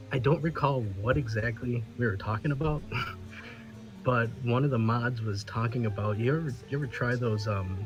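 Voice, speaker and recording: A man on a podcast, telling a story in casual chat, often laughing and swearing, with many restarts. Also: medium pitch. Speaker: podcast regular.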